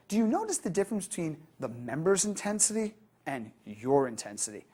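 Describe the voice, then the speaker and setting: A woman delivers a customer-service training lecture in a lively, animated way. Her voice sits on the low side and has a husky edge. She slips into the voices of the customers she quotes. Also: fairly quick.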